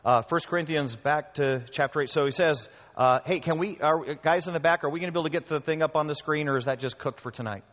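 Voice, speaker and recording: A man's voice: a little high, fast, hardly any pauses, fairly bright tone. A man preaching a sermon to his congregation, conversational and talking straight to the room, often repeating words as he goes. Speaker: pastor. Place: church hall before a congregation. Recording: echoey hall, dull lo-fi sound.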